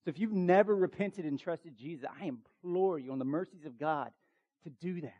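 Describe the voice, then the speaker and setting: A man's voice: on the high side, dull audio. Emphatic male pastor preaching. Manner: urgent, emphatic preaching with quick asides. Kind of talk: sermon.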